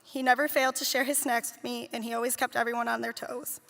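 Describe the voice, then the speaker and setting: A woman with a high, bright, gravelly voice reads a heartfelt eulogy for children she cared for, speaking with tender fondness. Her words carry a long reverb from a large hall. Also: little pitch movement, fast. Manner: heartfelt, tender, fond storytelling. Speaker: nanny giving a eulogy. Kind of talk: read memorial speech.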